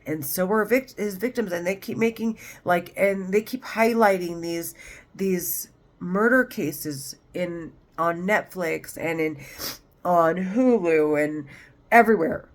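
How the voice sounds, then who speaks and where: A woman's voice: fairly low pitch, slow pace. Agitated, rambling woman vlogging. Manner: agitated, rambling, heavy swearing. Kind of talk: monologue vlog.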